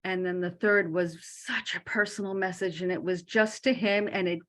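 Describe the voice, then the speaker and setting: A middle-aged woman telling a personal story in a casual, animated way, acting out the dialogue. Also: fairly low pitch, normal speed. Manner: animated, chatty, acts out quoted dialogue. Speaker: host.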